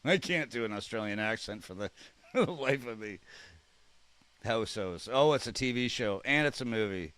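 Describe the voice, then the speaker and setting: A man's voice: medium pitch, expressive, normal speed, fairly bright tone, clean tone, no room sound. A man hosting a casual live stream, chatting and reacting aloud to messages from his viewers, sometimes repeating unfamiliar words as he tries them out. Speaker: streamer reading live chat.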